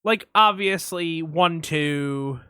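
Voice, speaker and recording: Guy chatting movies on a podcast, bright voice, slightly high for a man, acts out quotes, dry sound. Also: slow pace, clean tone, dry recording. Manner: animated storyteller, swears a lot, acts out quotes. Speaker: podcast co-host. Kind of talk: casual movie podcast chat.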